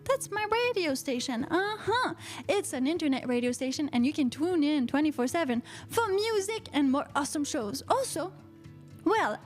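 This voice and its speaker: A woman with a very high voice and a Quebec French accent hosts a live-streamed radio chat show. She talks playfully and theatrically, answering viewer comments and dropping in constant uh-huhs and mm-hmms. Faint music plays under her voice. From Quebec, Canada.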